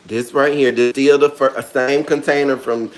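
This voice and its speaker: A sassy man chats through a casual how-to vlog, full of playful, dramatic asides. His voice sits in an everyday middle pitch. He keeps an easy, conversational flow throughout. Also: steady tone, unhurried, slight background noise. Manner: sassy, chatty, calls viewers girl and honey. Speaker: orchid care vlogger.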